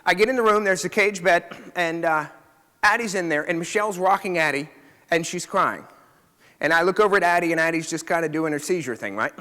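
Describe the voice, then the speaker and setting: A man's voice: fairly high pitch, a little fast, bright, forceful tone, long reverb tail. A middle-aged man, a chiropractor, telling a story to a live audience in a conversational way, often checking in with his listeners.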